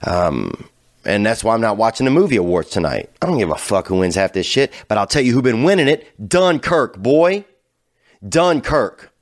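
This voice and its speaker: A man hosting a casual talk show, telling a rambling, profane story that drifts from low mutters to loud hyped bursts. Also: big pitch swings, quick pace, dry recording, studio quality. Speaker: podcast host.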